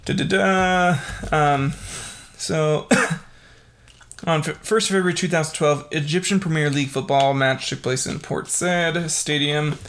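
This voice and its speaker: Excitable young man hosting a podcast. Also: on the high side. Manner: reads facts haltingly with many fillers, bursts into excited exclamations. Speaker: podcast host. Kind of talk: casual solo podcast reading notes.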